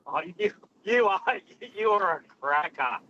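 A man's voice: high-pitched, expressive, a little slow, slight background noise. A man calling in to a radio show, chatting in a rambling, good-humoured way from a truck over a phone line. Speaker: caller. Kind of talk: casual call-in chat.

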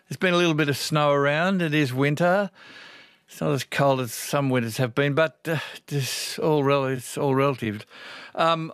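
A man's voice: a little high, dry recording. A man with an Australian accent hosting a morning radio show from a small studio, chatting in a rambling, easygoing way. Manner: chatty, rambling, warm-hearted asides. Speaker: radio host. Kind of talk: casual radio chat.

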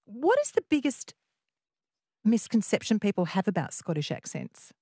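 A woman hosting a radio talk show, chatty and quick with questions. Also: medium pitch, slightly rough. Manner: lively, chatty, jumps in with questions. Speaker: radio host.

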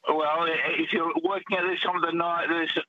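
A man's voice: on the high side, flat delivery, fairly quick. A man calling in to a radio quiz, dry and matter-of-fact. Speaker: caller. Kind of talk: casual phone-in chat. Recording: muffled phone line.

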